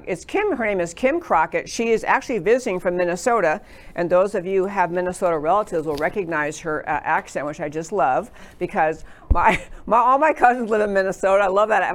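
A woman from New York hosting a political talk show in a studio, enthusiastic and effusive. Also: lowish voice.

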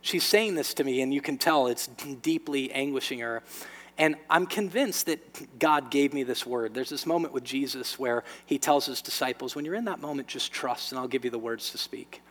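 A man preaching a sermon, telling stories and swinging from hushed, intimate moments to loud, emphatic exhortation. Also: mid-range voice, normal speed. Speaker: pastor. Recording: long hall reverb.

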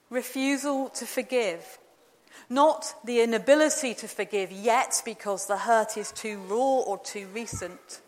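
Reflective woman preaching in a hall. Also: a little high. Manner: measured, gentle and reflective. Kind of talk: sermon. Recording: long reverb of a large hall.

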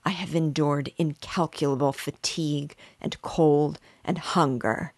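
A bitter, menacing creature, as a woman reads him out, spoken in a low, unhurried voice with heavy threat on each phrase. The recording is close and dry, with no room sound. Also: steady tone, darkish tone, no room sound. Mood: pleading, bitter. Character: wretched vengeful male creature, bitter and menacing.

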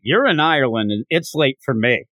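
A man's voice: medium pitch, fairly quick, no room sound, dull audio. A man hosting a casual podcast, chatty and jokey as he recaps a story. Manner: chatty and jokey, recapping with lively quoted lines. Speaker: podcast host.

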